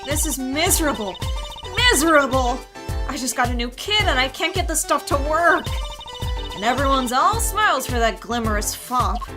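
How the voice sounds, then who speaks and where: Woman voicing a sour young female detective, high-pitched, loud game score. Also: lively intonation, normal speed. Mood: grumbling. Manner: sour, complaining. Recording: loud game music behind.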